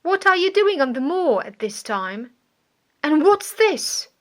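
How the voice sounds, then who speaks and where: A woman's voice: high-pitched, very animated, measured pace, pitched above the performer's own voice. A falsely friendly schemer, voiced by a woman. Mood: inquiring. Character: male villain feigning friendly concern. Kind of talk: audiobook reading.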